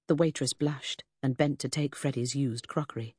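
A woman reading a first-person novel aloud in a measured, even storytelling way. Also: a bass voice, breathy edge, dry recording, clean studio sound. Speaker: audiobook narrator. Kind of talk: scripted first-person narration.

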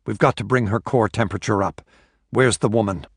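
A man narrating an audiobook voices a ruthless male captor, giving loud, clipped commands across a boat deck. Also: fairly low pitch, brisk, husky, no room sound, studio quality. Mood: curt.

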